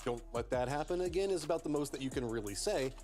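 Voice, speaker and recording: A man analysing esports matches on a live panel. He talks very fast in long, analytical runs, with a mid-range voice. Faint music runs beneath him. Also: a little high, animated, darkish tone. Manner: rapid, analytical breakdowns.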